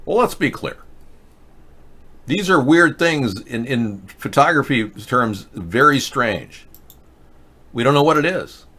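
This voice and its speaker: A male show host rants sarcastically through casual political commentary. His mid-pitched voice swings widely, and he talks in a loose, offhand way. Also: lively intonation, takes it slowly, long pauses, pushed and bright. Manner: sarcastic, ranting.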